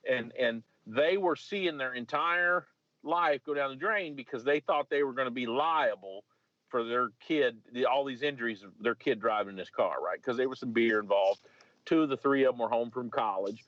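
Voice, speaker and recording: A man's voice: mid-range voice, normal speed, a bit bright, dry recording. Ex-cop storyteller, male, rambling and salty, dull dry sound. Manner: rambling, profane, lots of restarts. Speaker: former police officer telling a story. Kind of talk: casual comedic storytelling. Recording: dry, slightly muffled podcast audio.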